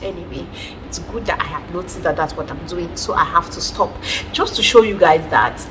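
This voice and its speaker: A woman, talking casually to her viewers in an animated, preachy way and often laughing. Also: fairly low pitch, moderate pace, noisy background. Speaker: vlogger, mother. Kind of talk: casual talk to camera.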